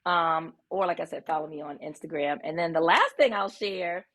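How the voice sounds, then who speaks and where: Lower-voiced woman guest, earnest. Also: normal speed. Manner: warm, earnest, many ums. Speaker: guest, physician. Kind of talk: interview.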